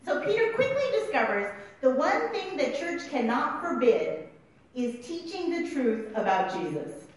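A woman preaching a sermon in a lively, laughing way, often checking in with "right?". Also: high-pitched, measured pace. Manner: animated, laughing, tags lines with "right?". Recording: very echoey room.

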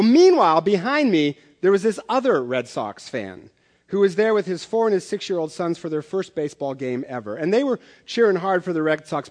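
A man preaching a sermon as pastor, telling stories in a conversational way with self-deprecating humor. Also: high-pitched. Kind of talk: sermon with storytelling. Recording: long hall reverb.

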